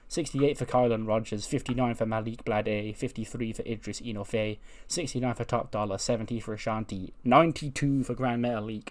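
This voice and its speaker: A man's voice: medium pitch, darkish tone. A man narrating a wrestling management playthrough in a casual, chatty way, full of "you know" asides. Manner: retells scenes by voicing quoted lines in his own voice. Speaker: game commentator.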